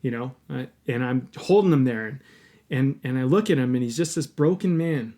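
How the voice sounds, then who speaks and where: A man's voice: mid-range voice, normal speed, dark tone. A man hosting a podcast, telling a personal story in an earnest, candid way and swearing casually. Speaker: podcast host.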